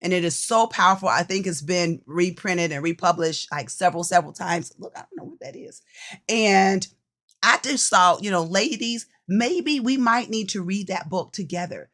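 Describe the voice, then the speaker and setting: A woman coach giving a casual devotional teaching, chatty and lively, often repeating phrases for emphasis and speaking straight to her listeners. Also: fairly low pitch, moderate pace. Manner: chatty, addresses listeners directly. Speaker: women's ministry coach.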